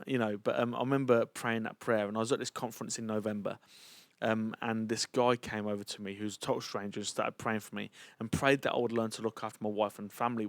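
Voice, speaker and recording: A man's voice: mid-range voice, dry recording. A man tells a personal testimony in an earnest, chatty manner. His voice sits in an ordinary middle register, and the recording is dry with no room sound. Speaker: church leader.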